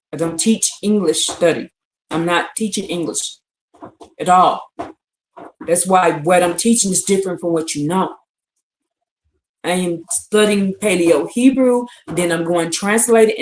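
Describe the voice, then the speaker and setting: A woman's voice: lowish voice, a little hiss or hum. A woman teaching scripture on a casual livestream, repeating her points with emphasis and checking in with listeners. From United States. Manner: repetitive, emphatic, often asks "you see what I'm saying?". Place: indoors on a livestream, answering chat. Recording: roomy echo.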